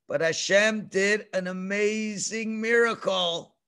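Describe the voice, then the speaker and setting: Animated, high-voiced man teaching children. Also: a little slow, vocal fry. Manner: animated storytelling, acts out voices. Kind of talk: children's Torah class. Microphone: video call.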